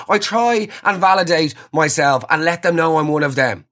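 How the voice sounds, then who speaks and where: A man's voice: on the high side, lively intonation, moderate pace, few pauses, fairly bright tone. A man hosting a podcast, delivering a wry, self-mocking, rambling comedic monologue. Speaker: podcast host.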